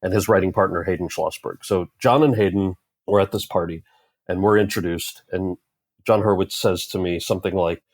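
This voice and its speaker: Lively low-voiced man telling stories. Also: brisk, dry recording. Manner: animated, acts out quoted voices with rising pitch. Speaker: actor guest. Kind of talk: conversational interview storytelling.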